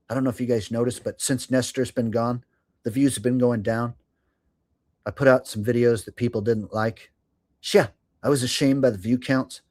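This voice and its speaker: A man's voice: medium pitch, darkish tone, no room sound, clean studio sound. Sarcastic man chatting on a live stream. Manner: sarcastic, swears freely, laughs at own jokes. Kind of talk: casual live stream chat.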